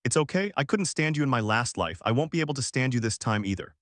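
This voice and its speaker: A man voicing a fierce, devoted rich young woman in a dry, close recording, his pitch raised a little. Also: lively intonation, fast, a bit bright, no echo, lightly acted. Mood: defiant.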